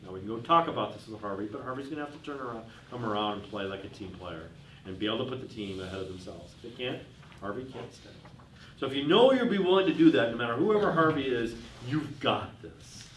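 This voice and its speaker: A man's voice: mid-range voice, animated, quick pace. Roomy, distant man telling stories. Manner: tells anecdotes and asks the audience questions. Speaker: business speaker. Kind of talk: workshop talk with told stories. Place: room with a live audience. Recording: roomy, far from the mic, faint noise.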